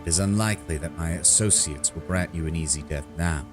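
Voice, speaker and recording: Dude doing a cold dark elf assassin guy, real low voice, slow and contemptuous. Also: over music, lightly acted. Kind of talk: reading game dialogue aloud.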